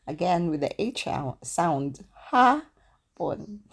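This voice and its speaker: A woman with a Filipino accent giving a casual language lesson, slowly repeating words for practice. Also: deep voice, vocal fry, mellow, husky. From Philippines. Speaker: language teacher.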